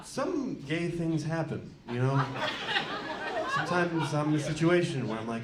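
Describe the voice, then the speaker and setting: A man around twenty doing a stand-up comedy set, awkward and self-deprecating, halting with lots of "uh"s. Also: on the high side, big pitch swings, heavy background noise. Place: comedy club stage before a laughing crowd. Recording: echoey club with loud crowd laughter.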